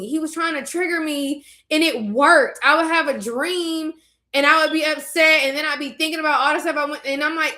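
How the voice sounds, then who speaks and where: A young woman shares her faith in a casual vlog, talking frankly and turning to her viewers as if chatting with friends. Her voice sits a touch high and rings bright and forward. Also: a little fast. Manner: candid, conversational, addresses viewers directly. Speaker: faith vlogger.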